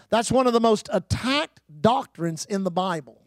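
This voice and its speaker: A man's voice: high-pitched, animated, moderate pace, dry recording. Emphatic preacher man, dry sound. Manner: preaching with emphatic rises and repetition, calls to the congregation. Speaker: pastor. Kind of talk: sermon.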